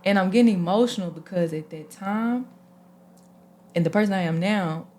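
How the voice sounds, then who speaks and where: Woman host, AAVE, lively and emotional, moves between hushed and loud. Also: medium pitch, moderate pace, slight background noise. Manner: expressive, animated, swings from soft to loud. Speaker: podcast host. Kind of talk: casual, emotional conversation.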